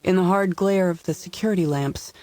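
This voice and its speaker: A man reading a thriller audiobook aloud in an even, measured scripted narration. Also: high voice, no room sound.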